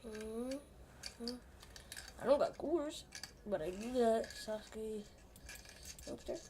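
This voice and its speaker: Excitable young woman gaming streamer. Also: fairly high pitch, slow, a little hiss or hum. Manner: excitable, swears a lot, drops to mutters. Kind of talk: excited live gameplay commentary. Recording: keyboard clicks and typing behind voice.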